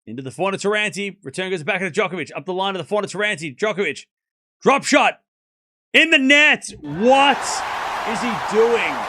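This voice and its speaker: A man streaming live play-by-play commentary of a tennis match, calling each shot and reacting loudly to big points. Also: sits high, brisk, background noise. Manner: excitable, animated, calls each shot. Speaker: watchalong commentator.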